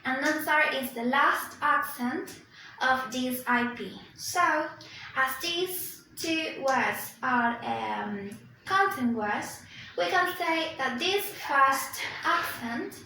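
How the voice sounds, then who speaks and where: A woman's voice: high-pitched, slow, sharp tone, a little hiss or hum. A young woman whose first language is Spanish, giving a class presentation, explaining step by step with many fillers. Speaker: student presenter. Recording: echoey room, distant mic.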